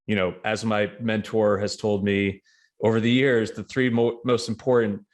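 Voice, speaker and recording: Man, low voice, middle-aged, interview guest, measured, confident, lots of fillers. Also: fairly even intonation. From New York. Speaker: real estate investment guest. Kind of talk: casual interview talk.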